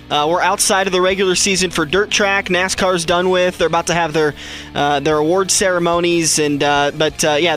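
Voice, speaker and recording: A young man hosts a radio racing talk show, rambling and joking with lots of fillers. His voice sits high and sounds bright. Faint music plays in the background. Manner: rambling, jokey, with frequent fillers. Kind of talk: casual radio chat.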